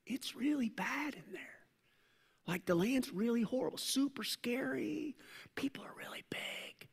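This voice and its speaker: Whispered role-play of a secretive male gossip, put on by a preacher who leans in to spread a bad report in a hushed, conspiratorial hiss. Bright, breathy whispers trail off into the long reverb of a big hall. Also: sits high, big pitch swings, fairly quick, exaggerated voice.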